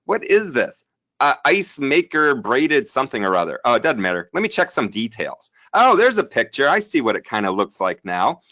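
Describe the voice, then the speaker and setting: Demoing software during a live sales webinar, a thirtysomething man chats cheerfully with the viewers in the chat. He speaks in a very animated mid-range voice at normal speed.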